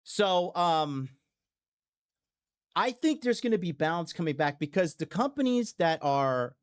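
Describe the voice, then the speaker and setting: A man's voice: a little high, animated, unhurried, clear, resonant tone. A man hosting a podcast in a blunt, profane, rambling monologue full of fillers and restarts. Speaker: podcast host. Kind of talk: casual monologue.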